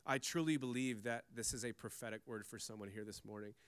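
A pastor preaching a sermon, swinging between loud emphasis and hushed, intimate lines. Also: male voice, mid-range voice, fairly even intonation, fast talker, smooth, no room sound. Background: soft guitar from the band.

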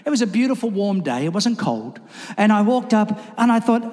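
Animated high-voiced man preaching in a church. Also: fairly quick. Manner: animated, acts out his stories with rising pitch. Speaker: pastor. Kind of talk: sermon with storytelling. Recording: reverberant church hall with music.

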